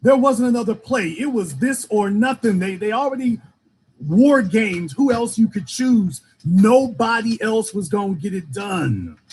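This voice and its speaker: A man's voice: sits high, lively intonation, unhurried, a little mellow, slight background noise. A man hosting a political call-in show, talking in a fiery, emphatic way and hammering his points home with repetition.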